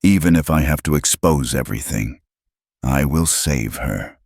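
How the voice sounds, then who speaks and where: A man's voice: very deep voice, moderate pace, creaky, a little mellow, no room sound, studio quality, full character voice. A man voicing an undercover male boss who speaks firmly and with restraint. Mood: determined.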